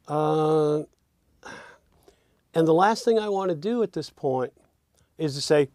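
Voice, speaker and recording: A man teaching songwriting, thinking aloud as he drafts lyrics and quietly hums and sings the lines he is trying out. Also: on the high side, a little slow, pauses often, no room sound, studio quality.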